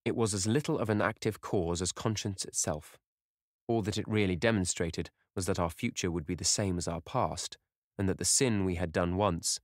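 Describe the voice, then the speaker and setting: Reading scripted audiobook narration, a male narrator with a deep voice speaks at a normal speed. The recording is dry and of studio quality.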